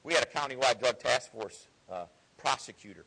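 A middle-aged man preaching a fervent sermon, swinging from loud exhortation to hushed personal storytelling. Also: medium pitch, animated, fairly quick, gravelly, husky, poor audio.

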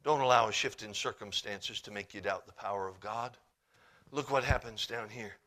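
A man preaching a sermon, reading scripture in old-fashioned wording and swinging between hushed, quiet passages and loud, emphatic ones. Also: fairly low pitch, normal speed. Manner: reads scripture in King James wording.

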